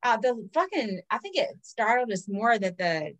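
A woman's voice: fairly high pitch, very animated, normal speed, lo-fi sound. A woman who reads folk legends aloud on a podcast. She swears freely and breaks off to riff on each story. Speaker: podcast co-host telling folklore stories. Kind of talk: casual storytelling chat.

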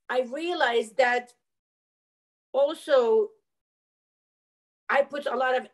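A woman's voice: high voice, poor audio. A middle-aged woman, an interview guest, telling a personal story in an earnest, emotional way and acting out the dialogue with animation.

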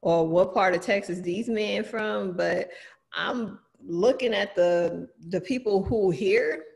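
A woman's voice: mid-range voice, takes it slowly, vocal fry, darkish tone. A woman chatting casually as co-host, blunt and frank. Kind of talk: casual chat.

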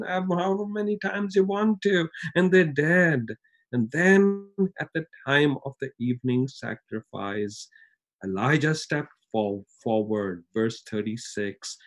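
A man preaching a sermon, retelling scripture with lively swings between loud emphasis and hushed lines. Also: on the high side.

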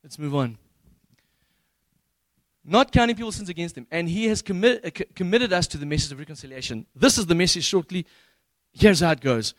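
A man preaching a sermon as pastor, retelling scripture in a relaxed, humorous way with slangy paraphrases. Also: a little high, quick pace, no echo.

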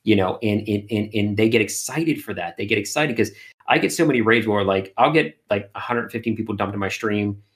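A man, an art streamer, chatting in an interview and telling animated stories full of fillers. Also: on the low side, brisk. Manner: animated storyteller, many fillers. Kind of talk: casual interview chat.

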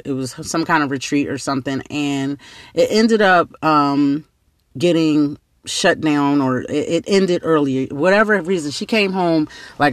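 A man's voice: a little high, fairly bright tone, dry recording, clean studio sound. A man hosting a podcast, telling a story in a casual, rambling way with side tangents. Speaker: podcast host.

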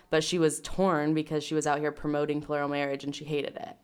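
A woman with a notably low voice co-hosts a casual recap podcast. She chimes in with blunt, dry remarks and easy agreement. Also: completely flat delivery, quick pace, clean tone. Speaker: podcast co-host.

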